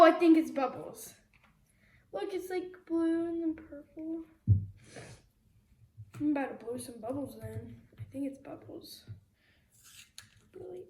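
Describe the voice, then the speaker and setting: A female vlogger chatting casually and excitedly as she unboxes small toys, gasping and gushing. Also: high-pitched, echoey room, a little hiss or hum.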